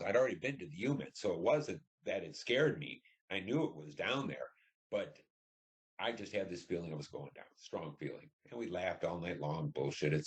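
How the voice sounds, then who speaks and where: Deep-voiced older man, war stories. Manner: plain storytelling, acts out dialogue. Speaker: Vietnam War veteran interviewee. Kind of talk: oral history interview.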